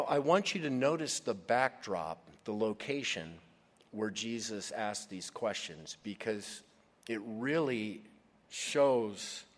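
A male preacher delivers a Bible study in an unhurried, deliberate way, stretching out the words he wants to land. His voice sits somewhat low, and it rings with the long reverb of a large hall. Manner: slow, emphatic preaching, stretching key words. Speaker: pastor.

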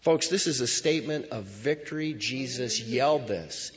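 A man preaching a sermon as pastor in a church, moving between hushed lines and loud cries. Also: medium pitch, normal speed. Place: church sanctuary. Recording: dull sound with long hall reverb.

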